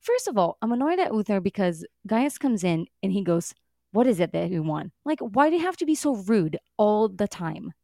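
A woman co-hosting a podcast in casual chat, animated and exasperated, swearing now and then and laughing as she talks. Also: mid-range voice, moderate pace, hardly any pauses, no room sound, studio quality. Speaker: podcast co-host.

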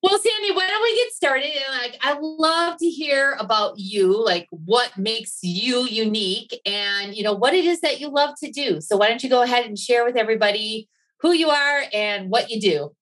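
A woman's voice: a little high, normal speed, a bit bright. A woman with a Wisconsin accent hosting an interview podcast, bubbly and exclamatory. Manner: bubbly, exclamatory, with cheers and laughs. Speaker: podcast host.

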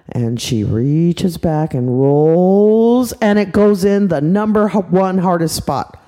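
An older woman, playing storyteller grandmother, spins an improvised bedtime story in a chatty way, adding sound effects as she goes. Her mellow voice swings widely in pitch, and she keeps the mood warm and easygoing.

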